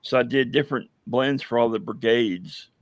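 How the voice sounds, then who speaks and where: A hoarse man chatting casually on a livestream as a veteran guest, rambling with many fillers and telling jokes. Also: medium pitch, moderate pace, no room sound. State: hoarse, losing his voice. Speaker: veteran guest running a coffee business.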